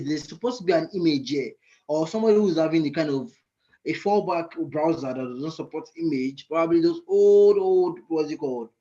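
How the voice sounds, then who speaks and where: A man mentoring frontend coders in a live screen-share lesson, thinking aloud and often pausing to search for the right word. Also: a little high, darkish tone, highs cut off.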